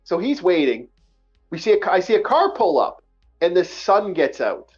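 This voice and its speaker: An animated, profane man tells a casual story in a high voice and acts out each exchange. The recording is dull and lo-fi, with faint music underneath. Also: normal speed, husky. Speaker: podcast host telling a story.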